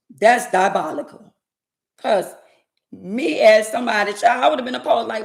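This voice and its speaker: A woman's voice: a little high, moderate pace, creaky, reverberant. A woman vlogger delivering an indignant, emphatic rant to her viewers, repeating her phrases for effect. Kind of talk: ranting commentary to camera.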